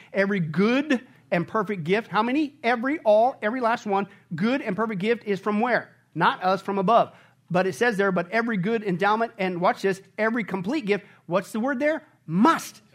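A man preaching as a pastor, emphatic, with rhetorical questions to the congregation and chuckles between points. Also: high-pitched. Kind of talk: sermon.

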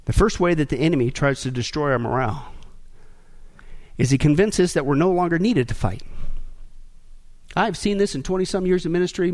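A middle-aged male pastor preaching a sermon with sarcasm, swinging between loud bursts and hushed asides. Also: fairly high pitch.

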